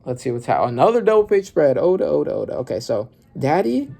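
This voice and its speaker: A man reading through a manga chapter aloud and reacting, often bursting into loud exclamations and swearing. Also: medium pitch, sing-song, fast talker, gravelly.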